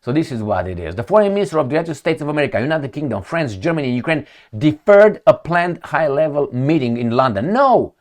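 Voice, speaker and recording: A man's voice: on the high side, very animated, fast, a little mellow. A man giving opinionated commentary on news headlines, mocking and emphatic, often repeating himself for effect. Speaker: political commentator.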